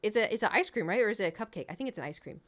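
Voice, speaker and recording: A woman's voice: medium pitch, expressive, very fast. A young adult woman chatting casually on a gaming stream, rambling to chat and her pet.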